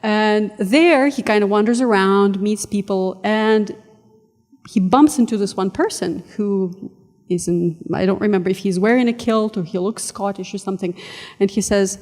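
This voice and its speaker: A woman's voice: mid-range voice, moderate pace. A woman giving a friendly, hesitant lecture to a room, with many fillers. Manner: friendly, hesitant with fillers, reads quotes with animated emphasis. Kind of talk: university lecture. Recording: long hall reverb.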